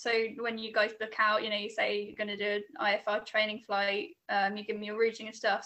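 Young woman, flat chatty voice. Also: a little high. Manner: chatty, explains with many fillers and restarts. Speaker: air traffic control assistant. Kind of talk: casual interview chat.

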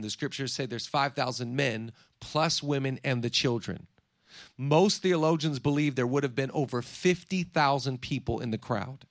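A man in his thirties preaching a sermon in a playful, energetic way, joking and acting out quotes from the story. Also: mid-range voice, no echo, studio quality. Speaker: pastor. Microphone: seated on a stool.

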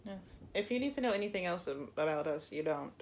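A woman's voice: lowish voice, lively intonation, quick pace. A young woman from Florida co-hosting a podcast, dry and self-mocking, laughing often in casual chat. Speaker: podcast co-host. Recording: faint background noise.

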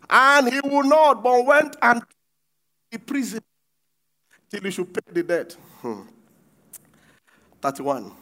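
High-voiced preacher quizzing his flock. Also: expressive, slow, pauses often. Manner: quizzes the congregation, acts out quoted lines with shouts. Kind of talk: sermon with call-and-response.

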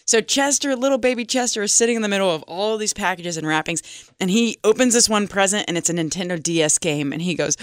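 A woman's voice: lowish voice, fast talker, dry recording. Chatty woman co-host, dry sound. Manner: chatty, laughing storyteller. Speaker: podcast co-host. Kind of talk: casual chat.

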